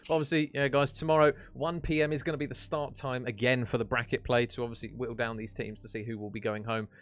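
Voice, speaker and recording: Fast, chatty British esports caster. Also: male voice, medium pitch, flat delivery. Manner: chatty, matey, upbeat. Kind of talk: esports stream sign-off commentary.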